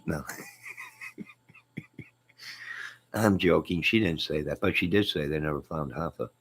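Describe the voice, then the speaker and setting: Very deep gravelly man joking on a stream. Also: unhurried, pauses often, a bit bright. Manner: joking, teasing, chuckling. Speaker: YouTube live streamer. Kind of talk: casual live-stream chat reading comments.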